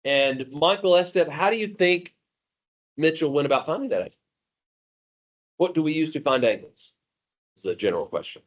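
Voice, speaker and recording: A man teaching math to a class, animated and jokey, calling on students by name. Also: on the high side, moderate pace, pauses often, muffled recording. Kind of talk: classroom lecture.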